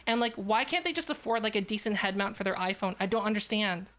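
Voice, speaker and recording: A woman's voice: medium pitch, fast, fairly bright tone, soft background music. A woman streaming live, chatting casually and rambling with lots of fillers. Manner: rambling, filler-heavy, restarts often.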